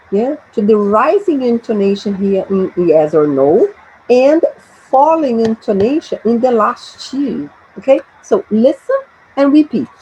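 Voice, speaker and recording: A woman's voice: on the high side, darkish tone, husky, muffled recording. A woman from Brazil, teaching an English lesson and patiently checking understanding with frequent tag questions. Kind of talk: classroom explanation.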